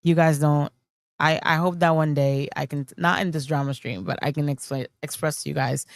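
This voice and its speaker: Woman, livestream host, gravelly, emotional, profane, dry sound. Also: low-pitched, steady tone, normal speed, no room sound. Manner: emotional, swears a lot, rambling. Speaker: streamer host. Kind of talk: casual livestream chat.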